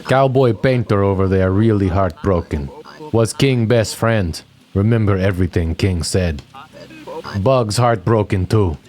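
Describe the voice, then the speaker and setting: A man's voice: fairly low pitch, darkish tone. A man voicing a tiny, heartbroken bug performer who speaks in short, broken phrases.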